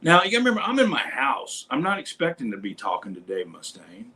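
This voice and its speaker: A man hosting a casual show, telling a rambling, animated anecdote about meeting a band. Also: medium pitch, fast talker, poor audio. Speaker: podcast host; bass player in a metal band. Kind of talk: casual storytelling chat.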